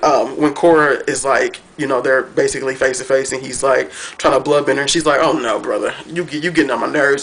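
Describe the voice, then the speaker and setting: A man excitedly reviewing a cartoon finale at home, gushing and rambling with lots of fillers. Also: fairly high pitch.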